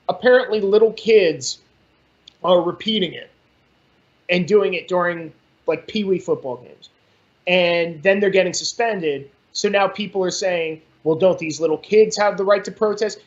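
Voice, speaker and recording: A man in casual political chat, talking bluntly and cursing freely. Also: sits high. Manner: blunt and profane, animated. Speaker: podcast guest. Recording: dull lo-fi sound.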